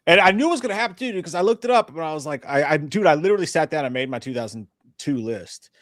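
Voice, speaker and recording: A man's voice: fairly high pitch, expressive, very fast, fairly bright tone, a little hiss or hum. A man co-hosting a live movie show, joking and laughing in casual chat.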